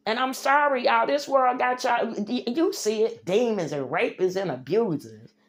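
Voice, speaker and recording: A woman with a slightly high voice delivers a fervent religious rant straight to her livestream viewers. She preaches with emphasis, calling her audience y'all and baby. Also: normal speed.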